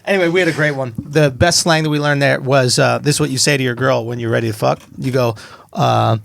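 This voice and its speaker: A man, podcast co-host, telling comedic stories in a loud, animated way with lots of slang and laughter. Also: mid-range voice, quick pace, vocal fry.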